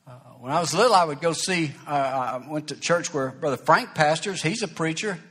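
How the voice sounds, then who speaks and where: A man's voice: fairly high pitch, normal speed, fairly bright tone, breathy edge. A man voicing a distraught young woman who claims she is possessed, pleading and rambling.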